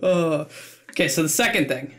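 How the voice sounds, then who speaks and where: A man hosts an interview podcast, eager and a bit stumbling, tripping over repeated words as his excitement runs ahead. His voice sits on the high side for a man. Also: moderate pace. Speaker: podcast host. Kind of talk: interview host, scripted intro.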